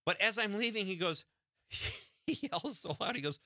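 A man's voice: sits high, slow pace, pauses often, dry recording, studio quality. A middle-aged man hosting a talk radio show, telling a story with frequent laughs. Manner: animated, laughing anecdotes.

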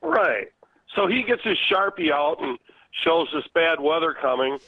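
A man's voice: fairly high pitch, animated, unhurried, slightly rough, dry recording. A man calling into a talk radio show, ranting bluntly over the phone. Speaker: caller. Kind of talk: phone-in call. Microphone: telephone. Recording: phone line.

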